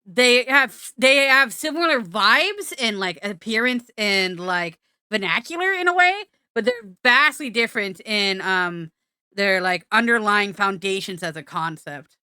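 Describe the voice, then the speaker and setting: Slow bright-voiced woman streamer. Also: mid-range voice, expressive, clear, resonant tone, no room sound, clean studio sound. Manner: self-deprecating, lecturing with fillers. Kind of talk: casual live-stream chat.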